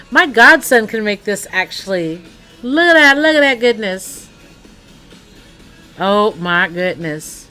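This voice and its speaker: A woman streamer with a bright, forward voice chats loosely with her audience. She rambles from thought to thought and keeps turning to talk to the viewers directly. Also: medium pitch. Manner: rambling, chatty, addresses chat directly. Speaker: livestreamer. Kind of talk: casual stream chat.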